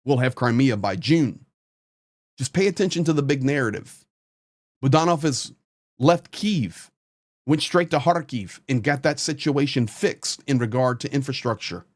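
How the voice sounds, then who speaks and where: A man's voice: medium pitch, moderate pace. A man hosting his own channel, giving blunt, frustrated, impassioned commentary straight to the camera. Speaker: host, volunteer supporter.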